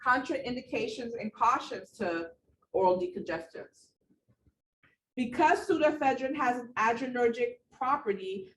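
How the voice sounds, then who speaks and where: A woman with a fairly high voice leads a nursing lecture, animated and a touch breathless, driving points home by repeating them. She is heard from some distance across an echoey room, with faint noise underneath. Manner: animated, repetitive emphasis, talks to students directly. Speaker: nursing instructor. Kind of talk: classroom lecture.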